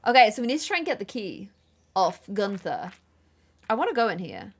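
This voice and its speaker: A woman hosting a co-op gameplay video, bubbly and excitable, with lots of gasps. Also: a little high, fairly quick, husky. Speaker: gaming channel host. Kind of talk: co-op let's play commentary.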